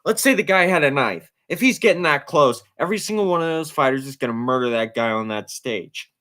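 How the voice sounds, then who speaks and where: A man's voice: a little high, animated, a little fast, fairly bright tone. A man hosting a casual sports talk show, emphatic and incredulous as he breaks things down. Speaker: podcast host.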